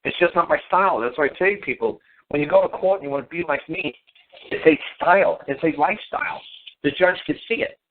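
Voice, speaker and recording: This middle-aged man's voice is a little high and quick. Calling in as a talk radio guest on a tinny phone line, he tells stories casually, wandering off track, repeating things, and cursing openly.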